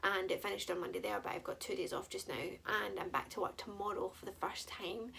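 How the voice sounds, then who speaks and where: A woman's voice: mid-range voice, steady tone, brisk, vocal fry, sharp tone, husky. A young woman, chatting candidly and rambling in a personal vlog. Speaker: vlogger.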